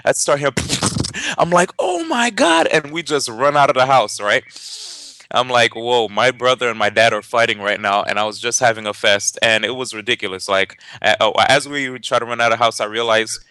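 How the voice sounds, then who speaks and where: A young man, a tournament organizer and commentator, casually telling a story in an interview, lively and laughing, with many fillers and restarts. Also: mid-range voice, brisk, clean tone, no room sound.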